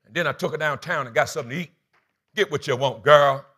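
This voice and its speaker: A man's voice: fairly high pitch, fast, sharp tone, slightly rough. A man preaching a sermon as pastor, telling a comic story and acting out the dialogue with energy.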